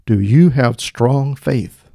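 A preacher acting out God as a calm, commanding voice from above, speaking slowly and deliberately. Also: male voice, creaky, no echo, clean studio sound. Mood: solemn. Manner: slow, deliberate and booming.

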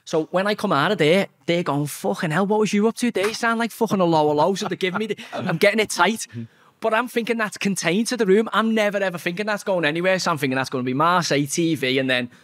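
A man's voice: high-pitched, a bit bright. Swearing Scouse man telling a story. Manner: swears constantly, rapid anecdotal delivery with restarts. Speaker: guest. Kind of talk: casual storytelling.

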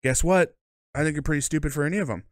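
A man co-hosts a podcast, chatting casually in a slightly high voice at a fast pace, on a dry recording. He's blunt and opinionated and swears often.

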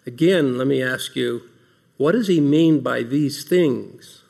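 Slow, creaky and husky, with a darkish tone at medium pitch, this man's voice opens an earnest devotional talk for a large audience. He reads scripture passages aloud and raises rhetorical questions.

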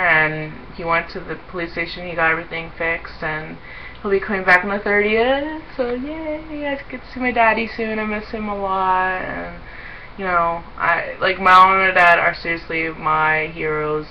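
A woman's voice: on the low side, sharp tone, slight background noise, poor audio. A young woman chatting casually to her viewers in a rambling way, often breaking into giggles. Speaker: vlogger. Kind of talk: casual chat to camera.

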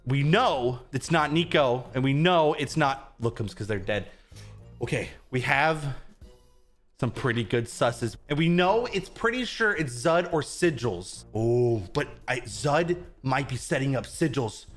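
A young man giving animated, goofy commentary while he plays a video game. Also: mid-range voice. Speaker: gaming video host. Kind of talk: excited gameplay commentary.

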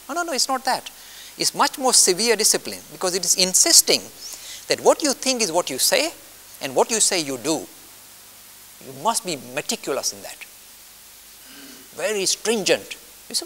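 A man's voice: high-pitched, sing-song, moderate pace, bright, forceful tone. An older man giving a spoken lecture, blunt and emphatic, acting out his listeners' objections in mock voices and repeating his key points. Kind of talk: spoken lecture on spiritual discipline. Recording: long hall reverb with faint hiss.

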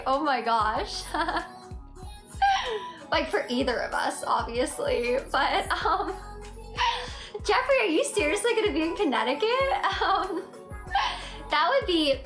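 A woman livestreaming from home on her phone and chatting with viewers. She is giggly and excitable and rambles from comment to comment. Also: sits high. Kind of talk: casual live chat reading comments. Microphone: phone mic. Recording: echoey room with faint music.

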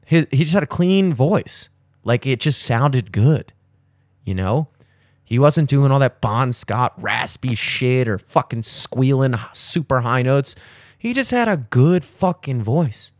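A man in his thirties rambles through strong opinions, swearing freely and jumping up in pitch when worked up. His voice sits mid-range for a man. The studio sound is dry and close. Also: no room sound. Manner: profane, opinionated rambling with animated jumps in pitch. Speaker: podcast host. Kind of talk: casual chat.

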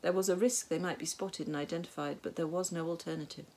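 A woman narrating a storybook tale in a measured, wry way. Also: lowish voice, steady tone, darkish tone. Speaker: audiobook narrator.

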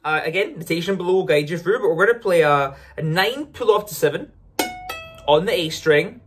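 Friendly ukulele tutor, casual lesson delivery, mid-range voice, loud ukulele in the mix. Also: mid-range voice, animated, brisk, music in the background. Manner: chatty, upbeat, often corrects itself mid-sentence. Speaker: ukulele teacher. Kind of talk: casual instructional explanation. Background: ukulele playing between phrases.

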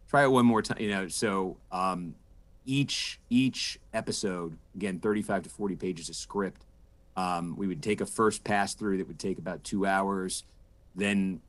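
A man in his forties, a political correspondent, giving thoughtful interview answers with frequent restarts and fillers. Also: low-pitched. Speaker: political correspondent and podcast host, guest.

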